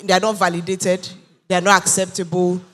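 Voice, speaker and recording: A woman talks in a bright, crisp tone. She makes her points earnestly and with emphasis, in the back-and-forth of a panel discussion. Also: on the low side, flat delivery, brisk. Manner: earnest, emphatic, acts out quoted voices. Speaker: panel guest.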